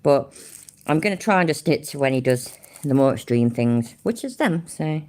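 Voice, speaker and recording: Woman, forties, streamer. Low voice, sweary, mocking reaction commentary. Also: lively intonation, normal speed, darkish tone. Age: 40s. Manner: sweary, mocking, laughs often.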